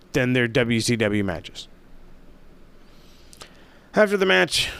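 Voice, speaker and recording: A man's voice: medium pitch, clear, resonant tone, no room sound. Profane, sarcastic man recapping wrestling. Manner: profane, sarcastic, animated storytelling. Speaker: wrestling review host. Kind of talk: casual recap.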